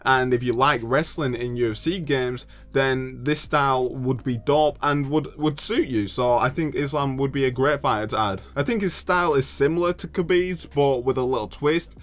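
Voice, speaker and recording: A man's voice: mid-range voice, normal speed, few pauses. Jokey, ranting young British man. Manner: jokey and animated, ranting, stumbles over names. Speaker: gaming video creator. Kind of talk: casual commentary video.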